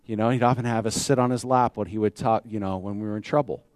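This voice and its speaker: A man's voice: fairly low pitch, fairly even intonation, fast talker, a little mellow, dry recording. A middle-aged male pastor giving a sermon, retelling a story in a conversational way with rhetorical questions.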